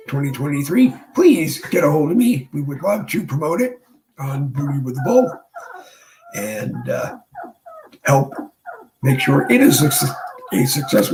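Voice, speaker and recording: A man hosting his own livestream show, talking casually and rambling with many pauses from his home studio desk. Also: on the high side, creaky, a little mellow, slight background noise, low-quality recording. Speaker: show host.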